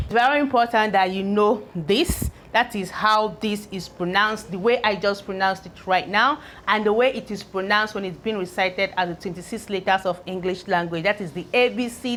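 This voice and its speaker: A woman's voice: medium pitch, fairly bright tone, a little hiss or hum. A woman teaching English spelling, sounding out syllables one by one and checking that learners follow. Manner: slow, drawn-out syllables, sounding out each piece; asks learners if they follow. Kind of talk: phonics lesson at a board.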